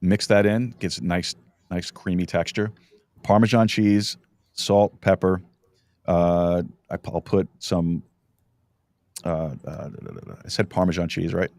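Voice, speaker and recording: A middle-aged man hosting a podcast, chatting casually and telling stories with lots of halting restarts. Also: low voice, flat delivery, a little mellow, no room sound, clean studio sound. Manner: rambling, halting storyteller with many restarts. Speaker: podcast host. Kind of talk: casual chat. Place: podcast studio.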